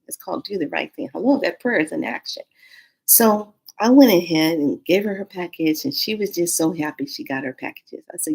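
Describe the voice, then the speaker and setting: A woman vlogger telling a story in a casual, animated, slangy way, acting out every quote. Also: on the low side, normal speed, vocal fry, breathy edge.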